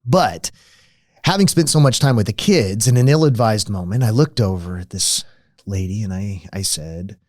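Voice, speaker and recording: A man's voice: fairly low pitch, lively intonation, moderate pace, a little mellow, no room sound, clean studio sound. An American man hosting a podcast, telling a reflective, conversational story with frequent restarts, like a lecture. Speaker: podcast host.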